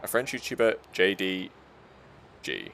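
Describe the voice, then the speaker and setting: A man's voice: low voice, big pitch swings, measured pace, gravelly, fairly bright tone, slight background noise. A young Australian man, a streamer casually chatting with his live chat while gaming, reading messages aloud and laughing often.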